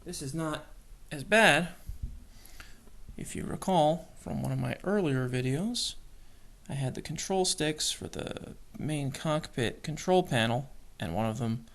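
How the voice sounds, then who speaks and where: A fairly high, expressive, slightly bright male voice at a measured pace narrates his model kit build for a hobby video. He's an adult with children, muttering and whispering to himself as he works and tossing in jokey, self-mocking asides.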